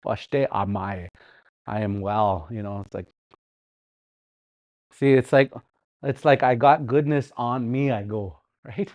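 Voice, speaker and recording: A middle-aged man teaching a livestreamed language class, repeating words slowly, chanting song lines and laughing often. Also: mid-range voice, darkish tone, no room sound.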